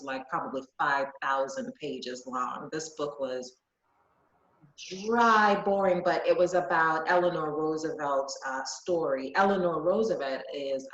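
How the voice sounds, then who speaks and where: A woman's voice: low voice, fairly bright tone. A woman from Jamaica, reflectively telling a personal story as a podcast guest, with frequent ums and restarts. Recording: echoey room, dull lo-fi sound.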